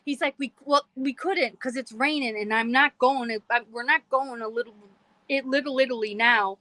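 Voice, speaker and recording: A middle-aged woman from Pennsylvania, hosting a podcast and telling a story in a casual, animated way, quoting herself and others and laughing often. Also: high-pitched, normal speed, dry recording, low-quality recording. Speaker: podcast host.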